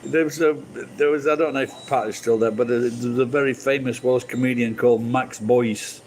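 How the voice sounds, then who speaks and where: A man's voice: medium pitch, steady tone, a little fast, slight background noise, rough recording. A British man hosting a live stream, chatting casually with viewers, rambling and swearing freely. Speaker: livestream host chatting with viewers.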